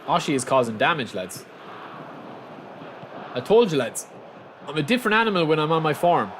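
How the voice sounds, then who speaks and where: A young man casually commentating his own football game on a live stream, chatting with viewers and bursting into shouts at big moments. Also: on the high side, animated, moderate pace, a little hiss or hum.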